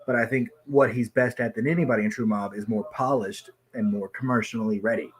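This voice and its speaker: Tipsy and loose, a man chats fast in a medium-pitched voice, cursing freely and hopping from topic to topic. He gets loud and excited in bursts before turning to self-mockery.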